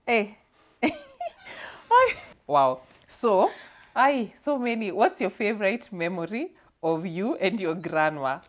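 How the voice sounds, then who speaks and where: A young Kenyan woman tells family stories in a relaxed chat, her voice swooping high and low as she laughs her way through them. She drops Swahili words into her English and acts out every exchange. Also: slow, pauses often. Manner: animated storyteller, laughs often, mixes in Swahili words. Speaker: co-host. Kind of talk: casual chat.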